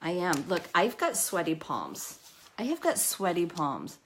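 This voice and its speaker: A makeup live-stream host with a fairly low, fairly bright voice chats through a casual tutorial at a measured pace, her pitch swooping wildly. She's nervous and self-deprecating, laughing at herself as she works and giving a nervous cough.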